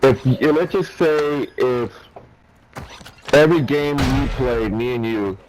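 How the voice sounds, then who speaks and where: A man's voice: medium pitch, slow pace, darkish tone, poor audio. Man, casual gaming chat, rambling, repeats himself, faint background noise. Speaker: gamer streaming with a friend.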